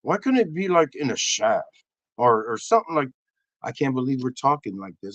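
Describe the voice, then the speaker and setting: A man hosting a crude comedic monologue, animated and loud, often breaking into shouts. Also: mid-range voice, moderate pace, no room sound. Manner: animated, crude, bursts into shouts and silly voices. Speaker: comedy host.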